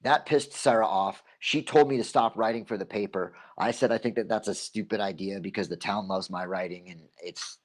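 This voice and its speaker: Rambling, slightly low-voiced male host. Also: fairly quick, hardly any pauses. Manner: rambling, repeats himself, self-encouraging. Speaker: host of a local livestream show. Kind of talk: casual storytelling monologue.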